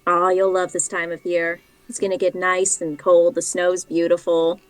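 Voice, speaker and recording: A woman's voice: fairly low pitch, completely flat delivery, moderate pace, voice pushed down, close to an everyday voice, low-quality recording. A woman voicing a friendly, nosy male cab driver in a tabletop game. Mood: chatty. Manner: small talk, curious questions.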